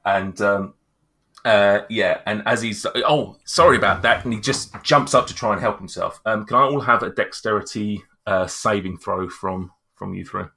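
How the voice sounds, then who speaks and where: A man narrating as game master, halting and full of fillers. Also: fairly low pitch, fairly even intonation, vocal fry, sharp tone.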